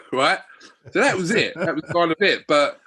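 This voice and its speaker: A man's voice: on the high side, moderate pace, breathy edge. A man, a podcast guest, chatting casually and telling stories with lots of fillers. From Wickford, England. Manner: relaxed storytelling, many fillers. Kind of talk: casual interview chat.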